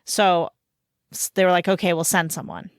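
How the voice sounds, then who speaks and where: A woman in her thirties co-hosting a casual podcast, an animated storyteller who laughs mid-sentence. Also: on the low side, normal speed, no echo, studio quality. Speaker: podcast co-host. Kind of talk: casual chat.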